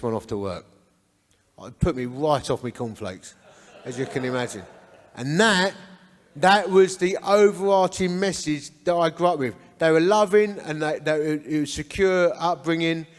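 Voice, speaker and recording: A man's voice: a little high, measured pace, long reverb tail. Essex man giving his life testimony. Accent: Essex English. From Essex, England. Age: 40s. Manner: storytelling, conversational and earnest. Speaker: men's ministry founder speaking at church breakfast. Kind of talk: testimony talk. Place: church hall.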